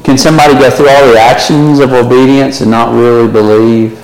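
A man's voice: mid-range voice, fairly even intonation, fairly quick. A man teaching a Bible study lesson, conversational and questioning, often checking in with the class. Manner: conversational, asks the class questions, frequent "right?". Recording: echoey hall from far off.

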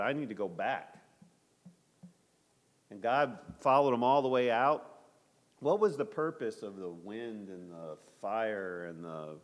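Man teaching a Bible study in a hall. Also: fairly low pitch. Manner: conversational, asks the group questions.

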